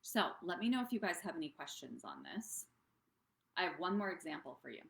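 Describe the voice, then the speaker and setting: A woman's voice: on the low side, sing-song, fairly quick, creaky, fairly bright tone, reverberant. Bubbly, rambling woman on a live stream. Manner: bubbly, rambling, goes off track. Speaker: wellness coach hosting a live stream. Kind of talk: casual live-stream talk.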